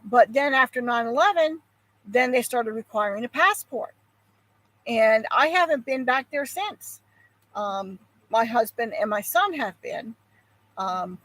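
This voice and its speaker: A woman's voice: fairly high pitch, fairly bright tone, low-quality recording. An older woman hosting a homestead channel, chatting casually with viewers in a rambling way, with frequent ums and sighs. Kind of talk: casual chat, answering viewers.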